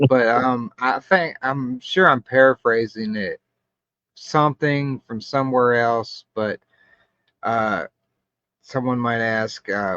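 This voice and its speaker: Host: calm, reflective man, um-heavy, muffled dry recording. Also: medium pitch, no echo. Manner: measured, reflective, hesitant with ums. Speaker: podcast host. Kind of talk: casual podcast chat.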